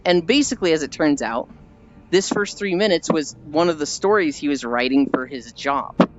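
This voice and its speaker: A man's voice: fairly high pitch, moderate pace, lo-fi sound. A man streaming while walking, chatting casually with his viewers and rambling through stories in put-on voices. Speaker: livestreamer.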